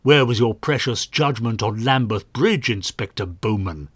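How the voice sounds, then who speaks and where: A man's voice: fairly low pitch, animated, moderate pace, slightly rough, dry recording. A man voicing a pompous, swaggering male police inspector who talks down to others. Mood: smug. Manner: puffed-up, condescending.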